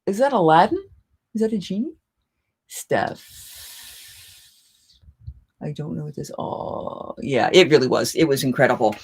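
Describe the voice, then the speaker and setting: A middle-aged woman hosting a casual live chat, telling stories in a rambling, chatty way with many restarts. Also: on the low side. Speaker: live chat host, festival performer.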